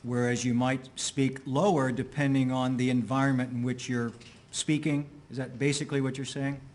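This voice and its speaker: A man working as an attorney, questioning an expert witness in court with careful, deliberate phrasing and occasional restarts. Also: mid-range voice, little pitch movement, a little mellow.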